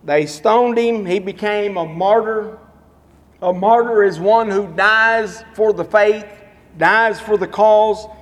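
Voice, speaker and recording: A man's voice: high-pitched, steady tone, slow pace, a bit bright. A pastor preaching a sermon in a church, emphatic and repetitive as he tells stories and drives his points home. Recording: long hall reverb.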